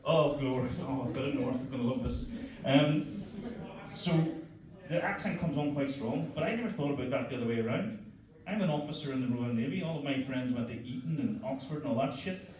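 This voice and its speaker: A man's voice: mid-range voice, fairly quick, a little mellow, far from the mic. A middle-aged man from Northern Ireland with a Northern Irish accent, doing a crude, self-mocking stand-up comedy set. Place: comedy club stage. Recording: echoey club, heard from afar, crowd laughter.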